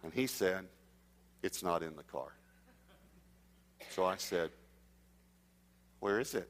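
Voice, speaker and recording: A middle-aged man preaching, telling a personal story and acting out the dialogue, sometimes dropping to a hush. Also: low voice, expressive, slow, a little hiss or hum. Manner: anecdotal, acts out dialogue, drops to a hush for suspense. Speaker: traveling preacher. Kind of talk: storytelling sermon.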